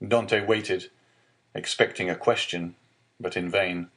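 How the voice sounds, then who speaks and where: A man narrating a classic novel as an audiobook, in a measured storytelling manner. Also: sits low, fairly even intonation, a bit bright. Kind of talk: scripted narration.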